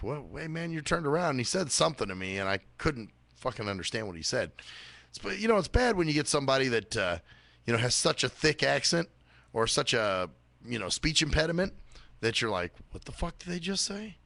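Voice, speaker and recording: A man's voice: gravelly, bright, forceful tone, no room sound. A man hosting a small radio show, rambling and swearing a lot in a casual monologue. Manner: rambling, swears a lot, mimics others in high voices.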